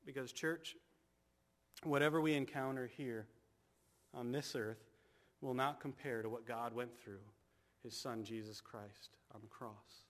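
A male pastor preaching a sermon in a church, moving from hushed, slow passages to loud, fervent calls. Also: mid-range voice, fairly even intonation.

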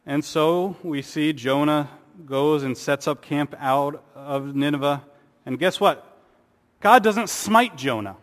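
A man's voice: fairly high pitch, slow, fairly bright tone. Man preaching in a reverberant hall. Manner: earnest preaching with rhetorical questions and mock-sarcastic asides. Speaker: pastor. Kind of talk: sermon.

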